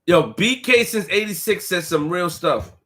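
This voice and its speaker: A young man rants to his live-stream audience with a bright, high-pitched voice. He keeps repeating himself and drops into street slang. He moves from low mutters to loud bursts. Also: normal speed. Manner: animated, repetitive, street slang, swings from quiet to loud. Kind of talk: casual live-stream rant.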